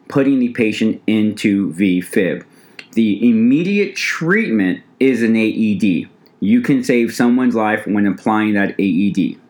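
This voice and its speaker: A man teaching an EMT class in a recorded lecture, conversational, with the odd stumble and restart. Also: lowish voice. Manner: conversational teaching, addresses "ladies and gentlemen". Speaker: EMT instructor.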